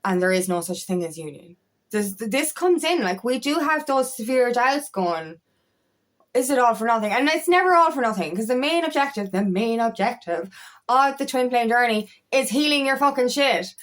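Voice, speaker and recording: A woman's voice: a little high, animated, moderate pace, a bit bright. A woman coach talking candidly to camera about spiritual healing, swearing freely and padding with "like" and "you know". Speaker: empowerment coach. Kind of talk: casual spiritual talk to camera.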